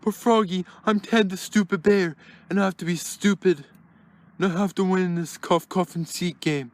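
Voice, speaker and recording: A man's voice: sits high, steady tone, moderate pace, voice pushed up. A man voicing Ted, a dim-witted, mischievous teddy bear in a plush toy comedy, talking in a frantic, stammering dither. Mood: resolute.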